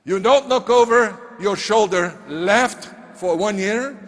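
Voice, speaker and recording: A man's voice: high-pitched, takes it slowly, fairly bright tone. A man voicing a small, insistent male mentor who drills questions in clipped, broken phrasing, heard in a reverberant hall. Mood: demanding.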